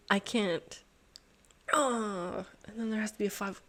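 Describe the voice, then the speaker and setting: A woman hosting a sudoku video who thinks aloud as she solves. She is excitable and swears and laughs in disbelief as she talks to herself and her viewers. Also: mid-range voice. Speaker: host solving a sudoku puzzle. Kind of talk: thinking aloud while solving a puzzle.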